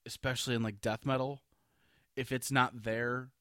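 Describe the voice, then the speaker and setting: Male co-host, rambling casual delivery, bright clean voice. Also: medium pitch, level tone, moderate pace, smooth, dry recording, studio quality. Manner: rambling, restarts often, loose and profane. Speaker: podcast co-host. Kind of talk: casual chat about metal albums.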